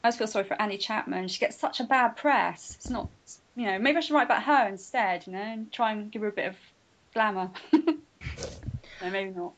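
A woman in casual podcast chat, agreeable and soft-spoken. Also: mid-range voice, fairly quick, low-quality recording.

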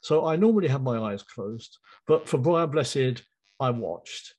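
A man's voice: medium pitch, animated, measured pace, darkish tone, rough recording. A man, a writer and podcast guest, speaking thoughtfully and repeating key phrases. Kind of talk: interview conversation.

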